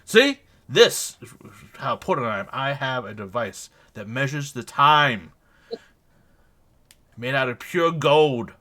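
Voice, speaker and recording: A self-important halfling gentleman, played by a man who is loud, indignant and full of his own importance. His voice is bright and raised as he scolds people. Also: mid-range voice, expressive, slow. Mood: boastful. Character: pompous wealthy male halfling gentleman.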